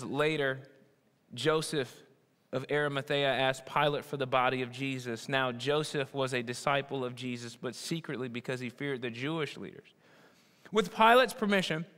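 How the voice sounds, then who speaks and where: A man preaching a sermon, swinging from loud emphatic bursts to low, quiet asides. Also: in a large hall. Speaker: pastor.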